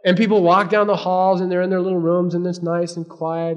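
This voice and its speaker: A man preaching a sermon, swinging between loud emphasis and hushed asides. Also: high-pitched, little pitch movement, fairly quick, muffled recording. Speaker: pastor.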